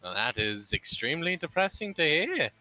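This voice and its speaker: A man voicing a doting, earnest young husband who speaks in halting phrases and repeats words. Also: on the high side, very animated, sharp tone, soft background music, voice pushed up, full character voice, low-quality recording.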